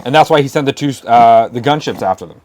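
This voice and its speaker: A man's voice: mid-range voice, animated, fast talker, darkish tone. A man co-hosting a casual podcast, talking through a show in a laid-back way, swearing casually and chiming in with short agreements. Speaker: podcast co-host. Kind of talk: casual chat recapping a show.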